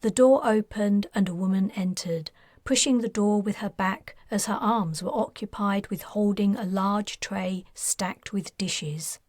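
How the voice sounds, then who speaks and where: A woman narrating her own science fiction audiobook in a measured, even way on a close studio mic. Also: mid-range voice, no room sound.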